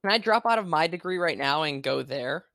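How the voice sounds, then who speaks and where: A man's voice: on the high side, expressive, brisk, creaky, pushed and bright, no room sound, studio quality. A man co-hosting a casual podcast chat from home, rambling and self-deprecating. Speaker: podcast co-host. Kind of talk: casual chat on a video call. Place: home, remote.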